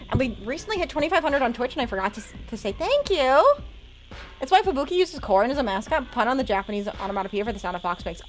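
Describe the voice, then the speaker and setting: A woman streamer chatting casually and rambling while opening trading cards, quick to laugh. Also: sits high. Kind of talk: casual live-stream chat.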